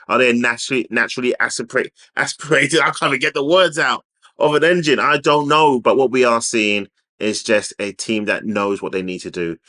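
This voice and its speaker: A man's voice: mid-range voice, fairly bright tone. A man hosting an unscripted football opinion vlog, emphatic and opinionated, repeating points for stress. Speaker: football channel host.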